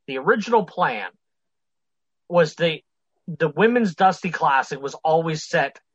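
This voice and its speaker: Blunt, bright-voiced podcast host. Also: male voice, on the high side, no room sound, highs cut off. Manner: blunt, opinionated, swears freely. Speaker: podcast co-host, wrestling news reporter. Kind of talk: casual podcast chat.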